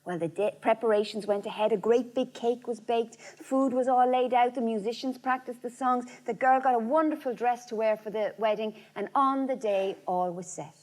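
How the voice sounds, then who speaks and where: A woman telling a folk tale aloud, lively and rhythmic, repeating phrases. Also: a little high, moderate pace, hardly any pauses. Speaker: storyteller. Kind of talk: oral folk-tale storytelling.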